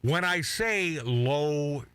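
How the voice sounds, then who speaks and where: Rambling, excitable male radio host. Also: fairly high pitch, extremely slow, smooth. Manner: rambling, emphatic, repeats words. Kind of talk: casual radio show banter.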